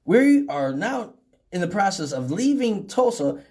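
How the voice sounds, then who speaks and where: A man hosting a live show, from Detroit, telling profane stories with animated voices for each person in them. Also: high voice, a little slow. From Detroit, Michigan. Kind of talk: casual storytelling.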